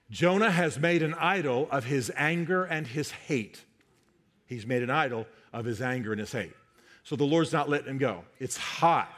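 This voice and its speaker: A man's voice: medium pitch, normal speed, fairly bright tone. A man preaching a sermon, emphatic, often repeating key phrases for effect. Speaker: pastor.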